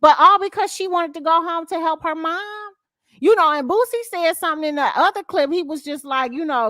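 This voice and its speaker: A Southern US woman hosts a casual gossip show, chatty and full of asides. Her voice sits fairly high, and the sound is close and dry with no room around it. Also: brisk, fairly bright tone, no echo. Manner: chatty, reads posts aloud with laughs and asides. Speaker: podcast host.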